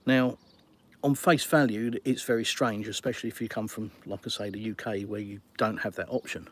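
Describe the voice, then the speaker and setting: A man's voice: on the low side, fairly even intonation, brisk. A middle-aged Englishman chatting casually on a live stream, reading viewer comments and calling people mate. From England.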